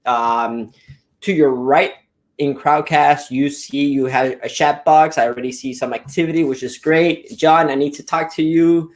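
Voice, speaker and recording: A man hosting a casual live-stream webinar, talking eagerly and rambling with many fillers and restarts. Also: fairly high pitch. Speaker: webinar host.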